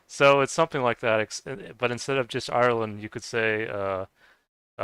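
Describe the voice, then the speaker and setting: A man's voice: medium pitch, moderate pace, pauses often, a bit bright, clean tone, no room sound. A young man hosting a game stream, chatting casually with viewers in a rambling way, full of fillers, restarts and frequent laughs. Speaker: gaming livestream host. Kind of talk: casual chat with live viewers.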